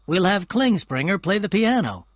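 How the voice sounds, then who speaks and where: A man voicing a charming, wealthy young gentleman who speaks politely and easily. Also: high-pitched, sing-song, moderate pace, dry recording, studio quality, voice pushed up. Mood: eager.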